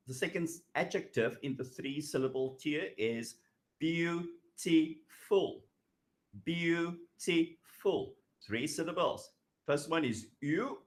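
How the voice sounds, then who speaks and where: A man teaching an English grammar lesson in a recorded online class, who says "okay" often and repeats each word slowly. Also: on the high side. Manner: patient, repeats words slowly, frequent "okay".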